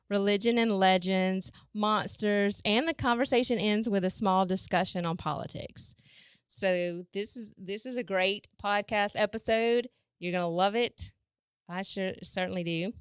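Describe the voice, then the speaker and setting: A woman's voice: medium pitch, clean tone, no echo, studio quality. A woman with a Southern American accent, a podcast host reading an episode intro and spelling out web addresses. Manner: reads out links and spells web addresses slowly.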